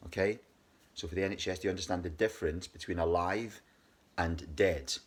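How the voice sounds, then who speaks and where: A man's voice: deep voice, brisk. A Scottish man in his fifties, exhausted, rambling and swearing angrily in a personal video diary. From Scotland. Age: 50s. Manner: agitated, rambling, heavy swearing. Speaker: video diarist.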